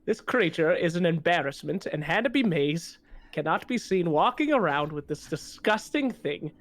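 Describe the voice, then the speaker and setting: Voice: mid-range voice, lively intonation, normal speed, voice pushed down, natural voice. A player voicing a vain, fame-hungry adventurer parent in a tabletop game, pompous and theatrical. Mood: scornful. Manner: pompous, theatrical, bursts into shouts. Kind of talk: tabletop role-play.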